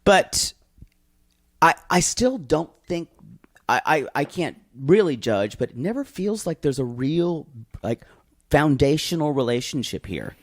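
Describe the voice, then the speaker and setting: A man co-hosting a podcast in casual chat, talking with animated swings and restarts. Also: unhurried. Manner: animated, jumps into high mimicking voices. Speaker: podcast co-host.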